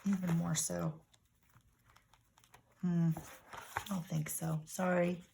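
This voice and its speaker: A woman with a low-pitched voice talks through a crafting session in a soft, unhurried way, half to herself. A faint noise floor sits under the recording. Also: flat delivery, gravelly. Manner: soft, unhurried, talking to herself while working. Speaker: craft channel host. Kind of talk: relaxed crafting commentary.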